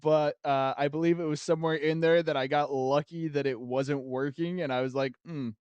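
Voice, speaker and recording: Laid-back streamer man with a smooth voice. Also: a little high, fairly even intonation, fairly quick, a little mellow, dry recording, muffled recording. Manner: laid-back, laughs often, many fillers. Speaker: game streamer. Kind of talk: casual chat with stream viewers.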